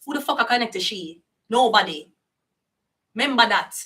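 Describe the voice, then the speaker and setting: A woman's voice: on the high side, expressive, moderate pace, sharp tone, distant mic. An older Jamaican woman reading tarot in a heated, profane rant that slips into patois. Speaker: tarot reader. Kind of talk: casual ranting monologue. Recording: voice set back from the mic.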